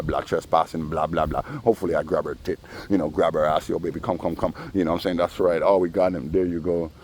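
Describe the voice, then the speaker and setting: Very deep-voiced man rambling in his vlog. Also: slight background noise. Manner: profane, storytelling, full of asides. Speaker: vlogger. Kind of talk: rambling personal vlog monologue.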